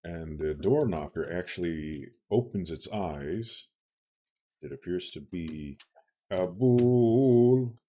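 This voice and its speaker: A man's voice: a bass voice, takes it slowly, dark tone, breathy edge. A man narrating a tabletop game as game master, playful and rambling as he thinks aloud.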